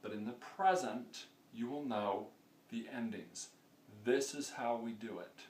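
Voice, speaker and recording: A man's voice: mid-range voice, a little slow, a little mellow, slight background noise. A man teaching a lesson, explaining patiently step by step and often checking in with "okay?". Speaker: Spanish teacher. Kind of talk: classroom-style lesson. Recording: echoey room, mic far off.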